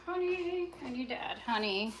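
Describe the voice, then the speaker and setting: Cooking at home on a casual livestream, this woman talks through each step, mutters under her breath and bursts out yelling at her dog. She speaks at a measured pace in a slightly high voice. There's some background noise, and the recording is rough.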